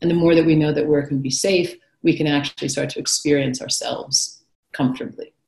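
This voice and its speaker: A woman guest talking about her own experience in an interview, reflective and at times dropping to a soft whisper. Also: low-pitched, brisk, gravelly. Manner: reflective, shifting between animated retelling and soft whispered passages. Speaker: guest author. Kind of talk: conversational interview talk. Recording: echoey room.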